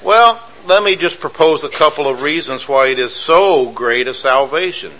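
A man's voice: fairly high pitch, animated, moderate pace, hardly any pauses, pushed and bright, rough recording. A man preaching a sermon, emphatic and repetitive, building lists of phrases and asking rhetorical questions.

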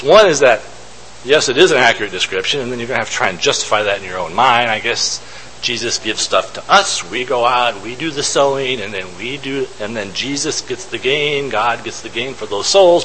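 A man's voice: mid-range voice, animated, brisk, fairly bright tone, a little hiss or hum, rough recording. A man giving an informal Bible teaching, thinking aloud and posing rhetorical questions to his listeners.

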